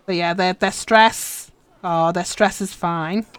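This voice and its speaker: A woman's voice: on the low side, fairly even intonation, slow pace, clean tone, no room sound. A woman casually commenting on her live game stream, muttering instructions to herself as she plays. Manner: chatty, muttering instructions to herself while playing.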